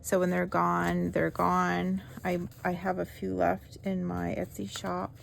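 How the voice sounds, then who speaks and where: A woman hosting a craft video, talking slowly and softly as she walks through her project with gentle enthusiasm. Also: fairly low pitch, completely flat delivery, creaky, slight background noise. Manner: slow, soft-spoken, gently enthusiastic. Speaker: craft channel host. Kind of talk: craft-along narration.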